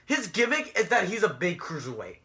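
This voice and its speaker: A man's voice: high-pitched, huge pitch swings, a little fast, vocal fry, bright, forceful tone. A young man co-hosting a casual chat show, ranting and mocking with lots of swearing. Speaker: podcast co-host.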